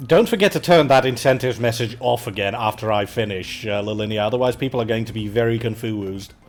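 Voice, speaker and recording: A man's voice: on the low side, brisk, faint music behind. A man chatting casually with viewers while playing a game on a charity livestream, joking and poking fun at himself. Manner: joking, self-mocking, chats with viewers.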